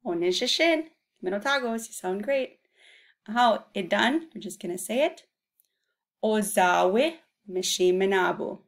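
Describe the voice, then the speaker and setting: A woman leads a language lesson, slowly sounding out each word syllable by syllable. She coaxes listeners to repeat after her with patient encouragement, in a calm, middle-pitched voice. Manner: patient, coaxing repetition for learners. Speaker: language teacher. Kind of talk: Ojibwe vocabulary lesson with call-and-response.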